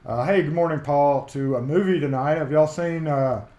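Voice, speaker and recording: A man's voice: on the high side, moderate pace, dark tone. Chatty Southern man in a roomy space. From Mississippi, USA. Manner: chatty, rambling, reads chat comments aloud. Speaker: livestream host. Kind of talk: casual live-stream chat. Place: home workshop. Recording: roomy echo.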